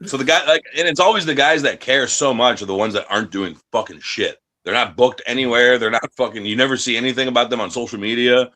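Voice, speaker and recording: A man's voice: mid-range voice, quick pace, few pauses, bright, forceful tone. Brash, profane male wrestler. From United States. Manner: profane, brash and boastful, acts out voices in his stories. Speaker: independent wrestler, guest. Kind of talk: casual interview talk.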